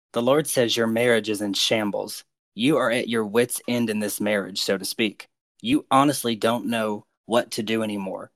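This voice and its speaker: A man on a podcast delivering prophetic words to named listeners in a slow, earnest, pastoral way. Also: fairly low pitch, a bit bright, no echo.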